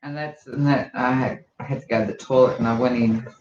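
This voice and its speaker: A man's voice: mid-range voice, steady tone, quick pace, a little mellow. An older man chiming in casually from off to the side. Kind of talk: casual chat. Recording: roomy lo-fi audio with noise, off-mic.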